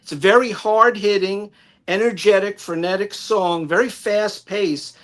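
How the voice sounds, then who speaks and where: A man's voice: sits high, measured pace, fairly bright tone. A man with a New York accent presenting a prepared album review from his notes on a live-stream panel, detailed and enthusiastic.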